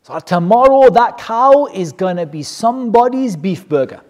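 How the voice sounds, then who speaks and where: Animated storytelling religious teacher. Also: medium pitch, moderate pace. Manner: animated, joking, rhetorical questions. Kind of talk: storytelling lesson to a class.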